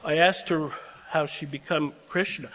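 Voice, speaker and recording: Speaking at a normal pace with fairly even intonation, an older man whose voice is a little high and a bit bright offers seminary graduates an emotional, heartfelt speech. His earnest personal stories carry a tendency to tear up, and the big chapel gives a long echo.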